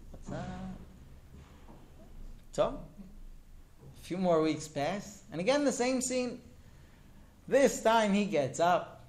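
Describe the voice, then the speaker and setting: A male teacher telling a story to his class in an animated way, often turning to ask the students directly. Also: high-pitched, slow, pauses often.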